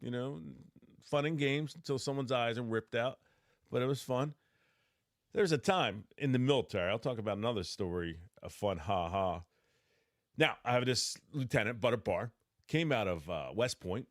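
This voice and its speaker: A middle-aged man with a low voice tells workplace stories in an animated, casual way. His pitch leaps up whenever he acts out what someone said, and he stammers and laughs along the way. The sound is dry and close, with no room echo. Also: moderate pace. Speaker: podcast host, electrician trainer. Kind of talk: casual storytelling.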